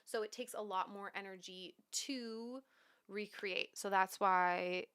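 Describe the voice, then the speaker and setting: A woman's voice: mid-range voice, steady tone, takes it slowly, a bit bright, clean tone, no room sound. A young woman, a mixing engineer from Canada, gives casual, chatty feedback on a listener's track, full of "like" fillers and asides to herself. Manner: chatty, many "like" fillers, talks to herself while working. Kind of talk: live mix critique, casual instruction. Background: track playing in the session.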